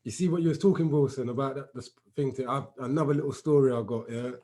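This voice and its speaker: A man's voice: mid-range voice, quick pace, dark tone. A man in a casual group chat, animatedly telling a story and acting out the dialogue. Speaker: regular discussion member.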